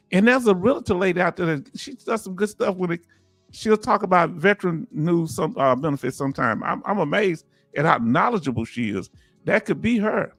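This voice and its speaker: A man's voice: a little high, a bit bright, dry recording. A man with a Southern US accent hosting a casual livestream, reading out viewer comments and laughing often. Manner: laughs often, loose conversational delivery. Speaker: livestream host.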